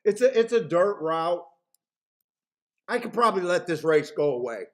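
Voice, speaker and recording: A man's voice: high-pitched, sing-song, moderate pace. A man hosting a live horse racing handicapping stream, chatting casually, rambling, swearing and laughing often.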